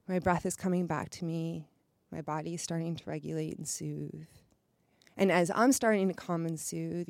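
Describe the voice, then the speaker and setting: A woman's voice: lowish voice, vocal fry, a little mellow. A frank, candid woman leads a live workshop, her voice carrying a slight nervous tremble. She talks to the group in a loose, conversational way, checking in often and laughing easily. The sound is dry and close, with little room echo. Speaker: workshop leader.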